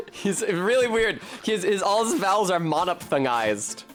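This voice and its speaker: A man's voice: high voice, sing-song, moderate pace, fairly bright tone. A man giving casual, wry commentary as he streams a video game, swearing freely and chatting with his viewers. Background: game music.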